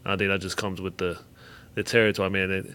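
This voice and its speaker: A man with a low voice reflects on a topic during a casual podcast chat. He talks quickly, but his points are measured and considered. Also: little pitch movement, bright, forceful tone.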